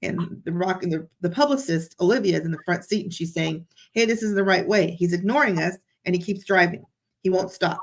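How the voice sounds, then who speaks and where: A woman chatting as a guest, telling a story in an excited, animated way. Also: fairly low pitch, brisk. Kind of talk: casual chat.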